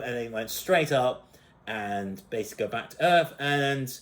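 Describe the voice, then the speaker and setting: A man chatting through a film review in a loose, rambling way, his voice sitting at an ordinary middle pitch. He leans on fillers and restarts and keeps breaking into giggling laughs as he recounts scenes. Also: lively intonation, measured pace. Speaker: movie reviewer. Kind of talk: casual spoken movie review.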